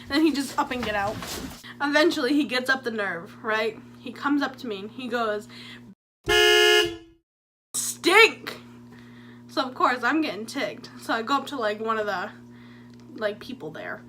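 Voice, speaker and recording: A woman's voice: a little high, a little fast, fairly bright tone, a little hiss or hum. A young woman telling her own stories in a chatty, jokey story-time vlog. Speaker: vlogger.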